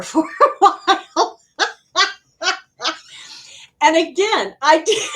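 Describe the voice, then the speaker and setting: A middle-aged woman from Arizona, an interview guest and healer, telling personal stories in a casual, animated way with frequent laughter. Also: fairly high pitch. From Arizona, USA.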